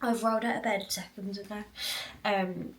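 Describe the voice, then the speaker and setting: A woman's voice: medium pitch, steady tone, moderate pace, echoey room, distant mic, slight background noise. A young woman vlogging in casual chat at home, rambling, with lots of likes and ums. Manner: chatty, rambling, many fillers. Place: cluttered home room.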